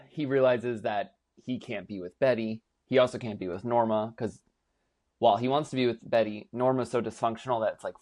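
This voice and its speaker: A young man co-hosting a podcast, gushing and animated as he recaps a show, swearing casually. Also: lowish voice. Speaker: podcast co-host. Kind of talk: casual chat.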